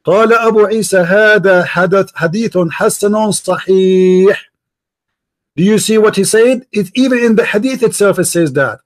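A man with an Arabic accent, a native Arabic speaker, hosting a heated call-in debate. He talks loudly, mocks and badgers the caller in broken English. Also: high-pitched, a little fast. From Middle East. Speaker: host.

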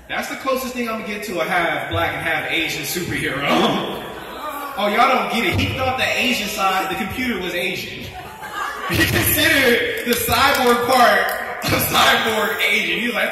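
A young man doing a stand-up comedy set, animated and laughing at his own jokes, a bit out of breath. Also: sits high, moderate pace. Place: convention hall. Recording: echoey hall, mic from far off, crowd noise.

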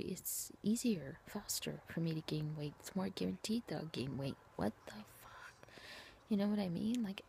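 A woman vlogging to her camera in a weary, complaining way, often sinking into a breathy whisper. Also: mid-range voice, darkish tone, slight background noise. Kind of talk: casual talk to camera.

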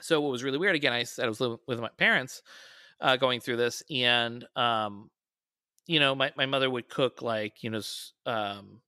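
A man's voice: mid-range voice, moderate pace, bright, forceful tone, no room sound, studio quality. A man, a podcast guest, telling a story in casual conversation and raising his voice when quoting people.

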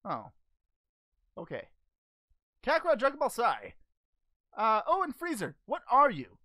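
A woman plays Goku, a cheerful, naive hero who fields fan questions in a goofy, scatterbrained way and keeps stumbling over ums. The voice sits fairly high and swoops all over the place. It is recorded dry and close, with no room sound at all. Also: wildly swooping pitch, a little slow, bright, forceful tone, dry recording, exaggerated voice. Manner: goofy, easily distracted, hesitant with many ums. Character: cheerful naive male alien martial-arts hero. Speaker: channel host answering fan questions. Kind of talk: in-character fan Q&A.

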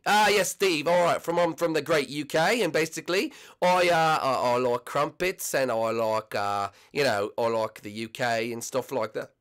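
A man voicing a young woman contestant in a put-on British accent, halting and posh. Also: medium pitch, fairly bright tone, natural voice.

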